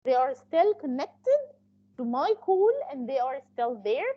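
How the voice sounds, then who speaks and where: A woman runs a live online training lecture for an interpreting class, speaking loosely with lots of fillers and restarts. Her voice is high-pitched with big swings in pitch, her pace is measured, and the audio sounds dull.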